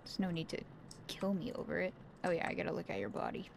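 A woman's voice: on the low side, very animated, quick pace, vocal fry, a little hiss or hum. Playful woman streaming a horror game. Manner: playful, chatty, talks to the game characters and puts on silly voices. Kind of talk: casual live-stream commentary. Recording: game ambience under the voice. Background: game sound ambience.

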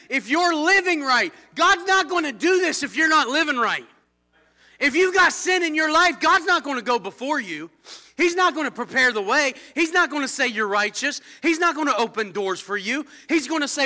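Male pastor, high and very bright voice, fervent sermon delivery with big swings in intensity. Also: lively intonation, normal speed. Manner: fervent preaching, swings from low intensity to shouting. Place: church.

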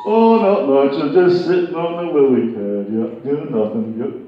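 A laid-back frog puppet lounging on a lily pad, as a man puts him on, with a raised, loud voice that teases his friend. The voice sounds slightly higher than a man's usual speech. It comes from far off in a very echoey hall, with dull sound. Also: normal speed, natural voice. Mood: teasing.

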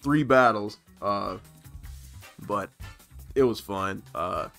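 A man, hosting a gaming video and rambling through a relaxed, laughing sign-off with lots of fillers; his throat is sore from laughing. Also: on the low side, slow, vocal fry, faint music behind. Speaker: gaming channel host. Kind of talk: casual gameplay commentary.

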